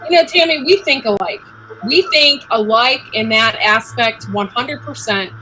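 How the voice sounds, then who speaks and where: Bright-voiced chatty woman host. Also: on the high side, normal speed, a little hiss or hum, poor audio. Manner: chatty, laughs often. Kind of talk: casual live chat.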